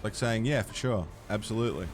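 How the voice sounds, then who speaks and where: A little hiss or hum accompanies this Australian streamer's low-ish voice as he talks a little fast over faint background music. He chats casually with viewers during his gameplay, cursing freely and reading out their messages.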